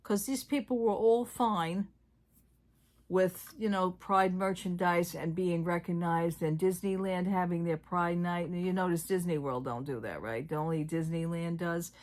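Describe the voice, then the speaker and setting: A woman's voice: on the low side, fairly even intonation, measured pace, darkish tone. A woman hosting a casual chat about theme park news, talking in loose, filler-heavy sentences. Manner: chatty, trailing off with fillers. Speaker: host.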